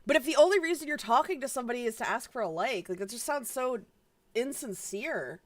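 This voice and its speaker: A woman's voice: a little high, animated, fairly quick. A woman streamer chatting casually on a live stream, rambling with lots of filler words, stammered restarts and swearing.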